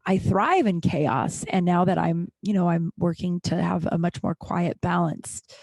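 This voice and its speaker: Woman podcast host, low gravelly voice, frank rambling talk, dry close sound. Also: a little slow, a little mellow, no room sound. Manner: frank, rambling, swears casually, many restarts. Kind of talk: candid solo podcast monologue.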